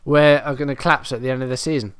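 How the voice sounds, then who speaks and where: A man's voice: medium pitch, steady tone, fast, a bit bright, clean tone, no room sound, clean studio sound. A man casually commenting on his own football management game, muttering play-by-play and growing exasperated as his team struggles. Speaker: gaming commentator.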